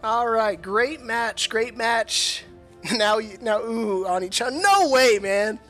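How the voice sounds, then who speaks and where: A man casting a live esports match alone, excitable and laughing often, his voice worn hoarse from shouting. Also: high-pitched, takes it slowly, soft background music. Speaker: solo esports caster. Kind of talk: live esports play-by-play commentary.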